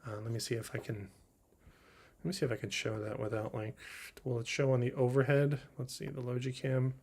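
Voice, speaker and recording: A man's voice: mid-range voice, level tone, a little fast, gravelly, a little mellow. A man hosts a drum livestream from his drum room, chatting casually with viewers. He rambles and halts, full of fillers and restarts. He is picked up by studio mics. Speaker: drummer hosting a livestream. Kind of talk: casual livestream chat reading viewer comments. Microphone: studio mics through a preamp.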